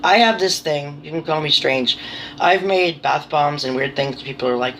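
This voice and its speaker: A woman's voice: low voice, moderate pace, fairly bright tone, a little hiss or hum. A woman chatting casually to her viewers in a rambling, apologetic, self-deprecating way, swearing now and then. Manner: nervous, apologetic. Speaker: vlogger. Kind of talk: casual chat to camera.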